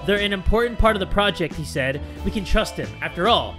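A young man playing a survival game, reading its text aloud and reacting with excitable, sometimes profane commentary. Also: sits high, a little fast, faint music behind. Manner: excitable, reads game text aloud, swears, yells at setbacks. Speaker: gaming YouTuber. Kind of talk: let's play commentary.

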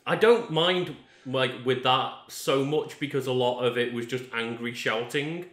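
A man hosting a let's play, chatting in a relaxed, agreeable way and laughing often. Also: medium pitch, unhurried. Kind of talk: casual gaming chat. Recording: roomy echo.

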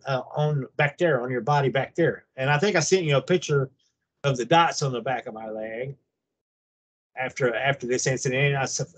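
A man over fifty telling a long personal story in a casual, halting way, full of restarts. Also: mid-range voice. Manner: halting, rambling, with many restarts. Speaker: guest recounting an abduction experience.

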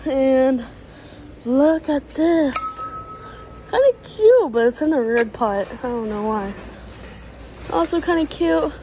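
A woman's voice: sits high, lively intonation, slow pace, pauses often. A woman vlogging a walk through a garden store on a handheld phone, chatty and gushing, with many fillers and restarts. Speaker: plant vlogger. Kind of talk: casual vlog walkthrough. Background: faint store noise.

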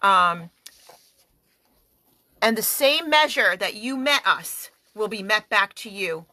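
A woman's voice: medium pitch, expressive, unhurried, sharp tone, dry recording. Commanding woman declaring fiery prayers. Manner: commanding, declaiming, rises to emphatic outbursts. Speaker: activist prayer leader. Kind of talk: fiery prayer and scripture reading. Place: in a parked car.

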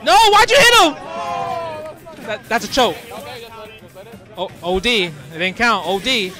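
A man commentating players in excited casual talk, full of slangy hype reactions and sudden shouts. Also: high voice, a little slow, music in the background, a crowd in the background. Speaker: host commentating pro players.

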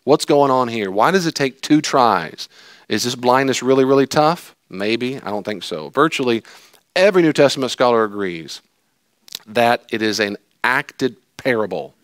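Man, pastor, sermon, animated storytelling, medium pitch, dry close sound. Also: moderate pace, dry recording. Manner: animated, jokey storytelling with acted-out voices.

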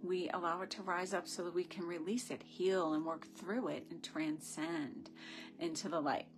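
A woman's voice: lowish voice, steady tone, normal speed. A woman leading a live-streamed ritual, talking to viewers through a phone camera. She is effusive and rambling, with gushing asides. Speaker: spiritual ritual leader.

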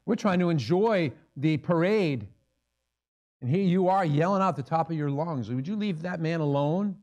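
A pastor voicing an irritated man in a crowd, scolding a beggar to be quiet. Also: high voice, very animated, a little slow, gravelly, husky, pitched above the performer's own voice, full character voice. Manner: scolding, impatient, exasperated. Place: church sanctuary.

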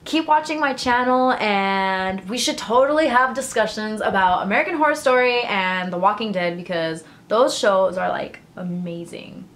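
A woman vlogging in casual chat, excitable and chatty, filling her talk with "like". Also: medium pitch, moderate pace, few pauses.

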